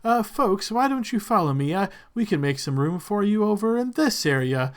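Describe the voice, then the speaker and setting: A man's voice: sits high, sing-song, normal speed, voice pushed up. A man voicing a nervous, overly polite male servant in a tabletop game, stammering and apologizing. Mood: flustered.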